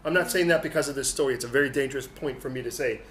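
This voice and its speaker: A male pastor giving a humorous, animated sermon in a church hall. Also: mid-range voice, rapid-fire. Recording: echoey hall, faint noise.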